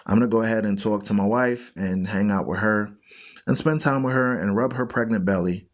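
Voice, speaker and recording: A man's voice: fairly low pitch, brisk. A man hosting an online Bible radio show, teaching scripture in an emphatic, preachy way and repeating phrases for stress. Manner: preachy, argues with viewers.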